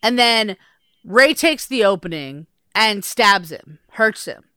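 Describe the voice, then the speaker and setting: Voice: medium pitch, lively intonation, slow, bright, forceful tone, clear, resonant tone, no room sound. A podcast co-host in a casual film review chat, blunt and argumentative.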